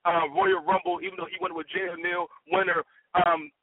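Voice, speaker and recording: A man's voice: sits high, level tone, brisk, creaky, no echo. A man cutting an angry, trash-talking wrestling promo over a tinny phone line. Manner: ranting, brash, trash-talking. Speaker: wrestling persona guest.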